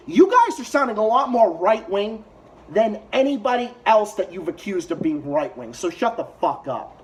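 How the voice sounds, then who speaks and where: A man's voice: high-pitched, very animated, normal speed, a little hiss or hum. A man giving a heated, profane reaction rant to video clips, talking as a YouTube commentator.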